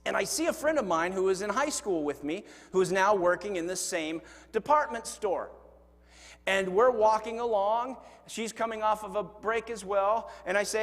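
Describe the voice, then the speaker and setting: Lively high-voiced male pastor in an echoing hall. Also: normal speed. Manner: animated storytelling with acted-out quotes; self-deprecating humor. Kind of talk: sermon. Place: church sanctuary. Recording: long hall reverb. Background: congregation laughing.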